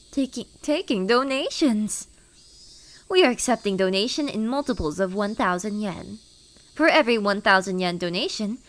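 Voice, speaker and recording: Formal announcer, put on by a woman, measured, reporter-style. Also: medium pitch, natural voice. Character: formal village notice announcer. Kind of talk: reading a notice in a reporter voice.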